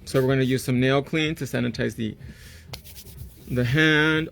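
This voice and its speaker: A man hosting a live stream and chatting casually while he works on a client's nails, telling stories in an animated way. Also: medium pitch, moderate pace, creaky. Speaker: nail artist and host.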